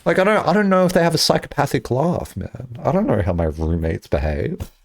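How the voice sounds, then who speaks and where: A young man chats on a live stream in a loose, rambling, self-mocking way. His mid-pitched voice swings widely, from low mumbles to high squeaky bursts when he acts out his own lines. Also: sing-song, brisk, creaky. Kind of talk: casual stream chat.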